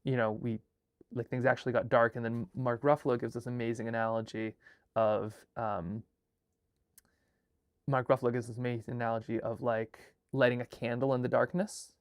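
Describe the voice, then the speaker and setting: Host, male, casual and excitable, thinks out loud, dry close sound. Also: mid-range voice, moderate pace, dry recording. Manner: excitable, rambling, full of fillers and restarts. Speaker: host and filmmaker. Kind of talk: casual live brainstorming chat.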